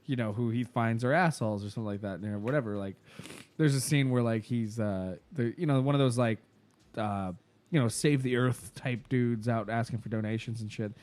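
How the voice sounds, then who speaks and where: A man's voice: mid-range voice, a little fast, a little mellow. A man co-hosting a podcast in casual chat, retelling a show scene in a rambling way with lots of fillers and laughs. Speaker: podcast co-host.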